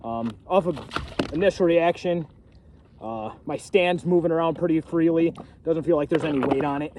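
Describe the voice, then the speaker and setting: A man, a first-time trapper, talking casually outdoors on a frozen pond in a halting way, full of fillers and restarts, into a camera set on a pack basket a few feet away. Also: fairly high pitch, background noise. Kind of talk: casual outdoor vlog talk.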